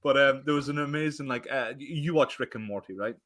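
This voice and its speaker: A man's voice: medium pitch, quick pace, a bit bright. Chatty man, laughing co-host. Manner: rambling, laughs often, restarts. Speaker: podcast co-host. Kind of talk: casual chat.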